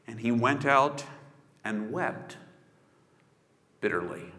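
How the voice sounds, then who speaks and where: A man's voice: medium pitch, animated, slow pace, long pauses, bright, forceful tone. A man preaching a sermon in a conversational storytelling way, with casual asides. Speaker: pastor. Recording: echoey hall with long reverb.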